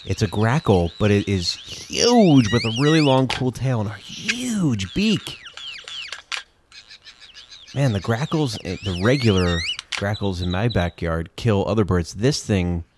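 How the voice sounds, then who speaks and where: A man's voice: lowish voice, animated, measured pace, noisy background. A man giving casual reaction commentary on bird sounds, joking, exclaiming and swearing.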